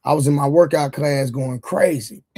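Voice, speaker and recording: Hoarse man, livestream host, gravelly fry, dark tone, slangy loose banter. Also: a little high, a little slow, slight background noise. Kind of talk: casual livestream chat with viewers.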